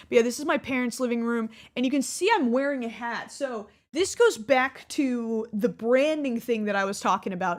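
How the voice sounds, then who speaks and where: A young woman hosting her channel, rambling through casual commentary on her old videos. She restarts her sentences often and laughs along the way. Her voice sits high. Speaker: YouTuber host.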